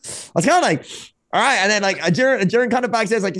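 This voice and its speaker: Animated man telling wrestling stories. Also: high-pitched, rapid-fire, no echo, studio quality. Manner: animated, acts out quoted dialogue, frequent restarts. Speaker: podcast guest, former wrestler turned streamer. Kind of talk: casual storytelling chat.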